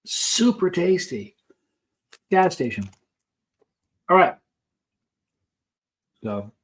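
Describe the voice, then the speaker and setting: Casting: male vlogger, mid pitch, chatty storyteller, snack-tasting asides. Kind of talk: casual storytelling while taste-testing snacks.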